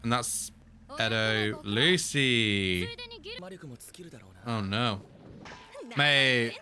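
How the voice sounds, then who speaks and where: A young man giving excitable casual reaction commentary, often laughing. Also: medium pitch, slow pace. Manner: excitable, frequent laughter and "mate". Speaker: anime reaction host.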